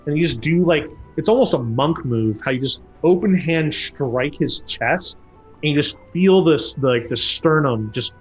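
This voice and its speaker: A man narrating a tabletop game as game master, who breaks into loud, high voices for the characters. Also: unhurried, husky, faint music behind. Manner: lively, acts out characters with loud jumps in pitch.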